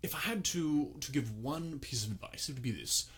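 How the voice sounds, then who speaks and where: A man's voice: medium pitch, expressive, moderate pace, fairly bright tone, slightly rough. A man playing a pompous communication guru guest with a British accent, giving grand, absurd advice in a comedy podcast sketch. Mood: solemn.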